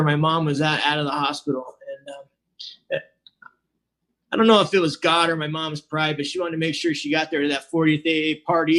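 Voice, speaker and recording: A man's voice: a little high, a bit bright. Rambling man telling a recovery story. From Southern California. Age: 40s. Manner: casual, rambling, many fillers and restarts. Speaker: recovery meeting speaker. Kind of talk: personal recovery talk. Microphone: online meeting.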